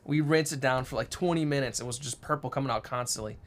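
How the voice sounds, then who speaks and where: Guy cohost rattling off a story quick, casual live stream. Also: mid-range voice. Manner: storytelling, acts out quotes, brisk. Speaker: co-host.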